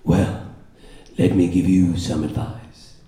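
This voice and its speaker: A man voicing a smug, bossy old house cat giving advice in a slow drawl. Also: low-pitched, level tone, mellow. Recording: echoey room, slightly off-mic.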